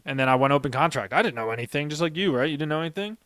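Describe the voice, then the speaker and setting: A man's voice: on the high side, expressive, very fast, a bit bright, clear, resonant tone, no room sound, clean studio sound. A young man and former Marine sergeant who hosts a podcast. He tells stories in a rambling, emphatic way and swears heavily. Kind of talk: casual storytelling chat.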